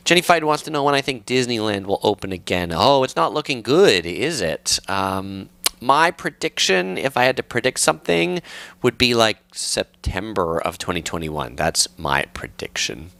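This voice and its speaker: A man from Southern California hosting a travel channel's live stream, reading chat questions and answering in a relaxed, chatty way with many ums and uhs. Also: on the low side, normal speed, gravelly, no room sound.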